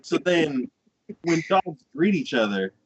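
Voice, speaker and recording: A man hosting an anime podcast, recapping episodes in casual chat with animated storytelling. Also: a little high, slow, breathy edge. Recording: dull lo-fi sound.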